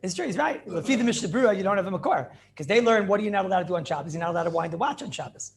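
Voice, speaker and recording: Animated rabbi, high gravelly voice. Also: male voice, racing. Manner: animated questioning, answers his own questions, repeats phrases. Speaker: rabbi teaching a class. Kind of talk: Talmudic class lecture with back-and-forth questions.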